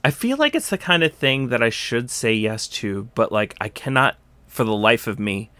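A man's voice: mid-range voice, very animated, moderate pace, pushed and bright, smooth, no echo. A young man in casual recorded chat, rambling with many fillers and restarts.

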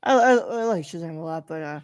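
A man's voice: a little high, animated, brisk, dry recording, clean studio sound. A male podcast co-host in casual chat, talking bluntly and swearing often.

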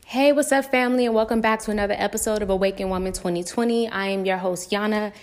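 A woman's voice: mid-range voice, fairly even intonation, fast, soft background music. A woman hosting her own podcast, talking in an earnest, reflective way and speaking straight to her listeners. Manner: earnest and reflective, rambling with restarts; encouraging, talks straight to listeners. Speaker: podcast host. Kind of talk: casual spiritual podcast monologue.

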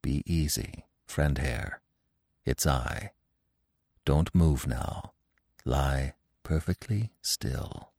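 Man voicing a deep, gentle old stag. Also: lively intonation, unhurried, vocal fry, no echo, clean studio sound, full character voice. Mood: hushed commanding. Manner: gentle, stern commanding murmur. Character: wise old male stag, grave and protective.

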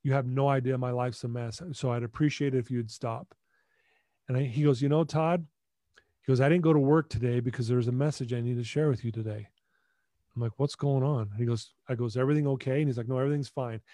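A man's voice: medium pitch, quick pace, no room sound, clean studio sound. A middle-aged man telling a personal story as a podcast guest, acting out dialogue and often restarting and repeating words. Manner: animated retelling with acted-out dialogue.

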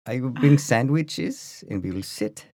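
An eager, very tall young woman speaking in a Dutch accent, as a man puts her on. The voice sits well above his own and comes across softer than his normal talk. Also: mid-range voice, expressive, measured pace, breathy edge, no room sound, studio quality, pitched above the performer's own voice. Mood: sweetly inviting. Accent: Dutch, put on.

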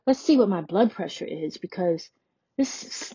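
A woman in her forties hosts her own podcast and tells a personal story in a candid, chatty way, slipping into the voices of the people she quotes. Her voice is mellow and a little husky. The recording is dry and somewhat dull, like lo-fi audio. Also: mid-range voice, animated, normal speed, dry recording. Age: 40s. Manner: candid, conversational, acts out quoted dialogue. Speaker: podcast host.

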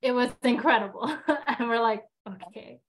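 Woman, podcast co-host, casual chat, relatable and animated. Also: medium pitch, normal speed.

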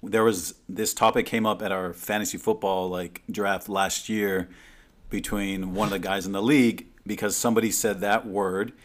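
A man co-hosting a podcast remotely, telling stories in a rambling, animated way with lots of restarts. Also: lowish voice, moderate pace. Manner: rambling, animated storyteller with frequent restarts and fillers. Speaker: podcast co-host. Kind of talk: casual chat. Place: remote call. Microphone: remote call mic.

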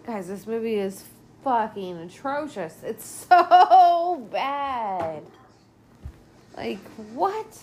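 An exasperated woman talks through a movie as it plays, her voice jumping between high and low as she reacts. She speaks slowly and drags out her words. A faint hiss sits under her voice. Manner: lively, exasperated, heavy swearing. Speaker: podcast host. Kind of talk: casual movie commentary.

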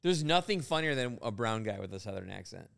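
A man's voice: on the low side, big pitch swings, brisk, vocal fry, background noise. A young man co-hosting a casual comedy podcast, riffing and laughing through his lines. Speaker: podcast co-host.

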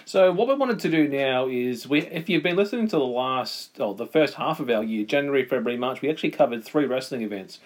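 An Australian man co-hosting a podcast, chatting casually, rambling and correcting himself as he goes. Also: medium pitch. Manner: rambling, self-correcting, says "actually" often. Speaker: podcast co-host.

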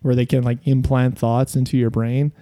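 A man with a mellow, warm voice chats loosely on a podcast. He tells rambling stories full of fillers and swearing. His pitch sits in an ordinary middle range. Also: level tone, normal speed. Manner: rambling, profane storytelling with many fillers. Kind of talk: casual chat.

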